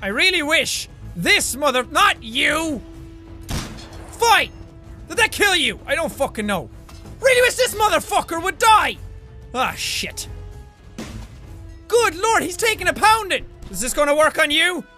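A young Irish man giving energetic let's-play commentary, swearing constantly and yelping and cheering at the game. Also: very high voice, a little slow, faint music behind. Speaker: gaming YouTuber.

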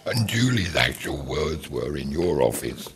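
A man's voice: extremely low pitch, very animated, unhurried, background noise. A man with a London accent speaking plainly and with determination on a conference panel. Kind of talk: casual panel discussion.

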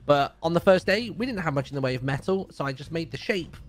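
A man's voice: a little high, expressive, quick pace. A young man teasing and joking his way through a casual game role-play with faint music behind. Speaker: streamer playing a Minecraft role-play.

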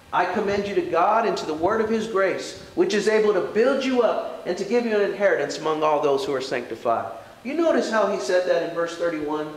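Casting: earnest preacher, high voice, rhetorical questions, echoey church. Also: male voice. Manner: earnest, rising to emphatic peaks, rhetorical questions. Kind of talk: sermon. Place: church hall.

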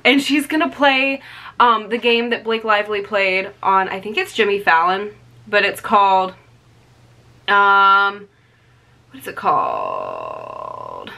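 A young woman in her twenties talks straight to her viewers from home in a loose, gushing vlog chat. Her voice has a bright, forward edge, and her excitement spills into every other sentence, packed with "like" and "um". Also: mid-range voice, a little slow, no room sound. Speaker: vlogger. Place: at home, indoors.

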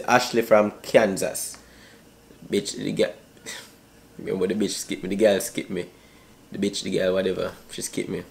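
A man's voice: lowish voice, gravelly, a little hiss or hum. A young man with a Jamaican accent chatting casually and joking in slangy banter as a YouTuber. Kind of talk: casual vlog chat.

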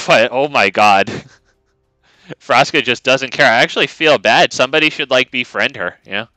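A man's voice: medium pitch, lively intonation, normal speed, pushed and bright, no echo. A man streaming a card game who rambles in casual commentary, swearing freely and restarting his sentences often. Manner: rambling and profane, frequent restarts.

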